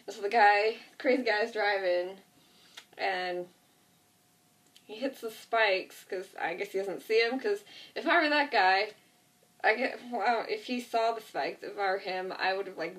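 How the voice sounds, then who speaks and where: A woman casually retells a TV episode, rambling and full of fillers and asides. Her voice sits at a middle pitch. She sounds a little distant, as if set back from the microphone. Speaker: vlogger. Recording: voice distant from the mic.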